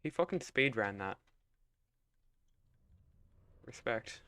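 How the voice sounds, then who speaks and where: A young man streaming a building game, thinking aloud in a relaxed, mumbly way, trailing off and swearing casually. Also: mid-range voice, takes it slowly, clear, resonant tone, dry recording.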